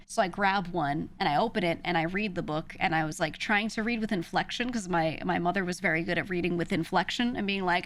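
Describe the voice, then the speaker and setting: A woman streamer in casual chat, telling animated stories with frequent laughs and lots of filler words. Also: medium pitch, fast, few pauses. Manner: animated storytelling, laughs often; chatty, many "like" fillers.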